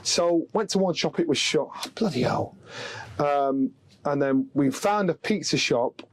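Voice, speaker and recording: A middle-aged Englishman who is a former boxing world champion appears as a podcast guest, telling stories in casual chat and acting out the voices of the people in them. His voice is a little high and unhurried, with a little hiss or hum on the recording.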